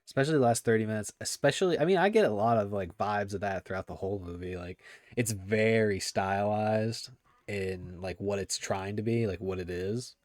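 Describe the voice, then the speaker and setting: Low-voiced man hosting a casual podcast. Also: moderate pace, darkish tone, dry recording. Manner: rambling, filler-heavy, laughs often. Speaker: podcast host. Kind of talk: casual movie podcast chat.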